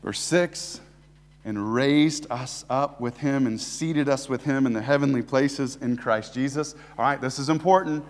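An American man preaching a sermon as a visiting preacher, swinging between hushed, slow emphasis and loud, rising exhortation. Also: medium pitch, big-room sound. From United States. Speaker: guest preacher. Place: church sanctuary.

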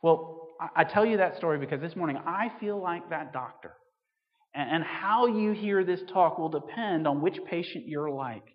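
Earnest vicar preaching. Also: male voice, a little high, moderate pace, in a large hall, highs cut off. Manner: earnest, storytelling, rising to emphatic peaks. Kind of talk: sermon.

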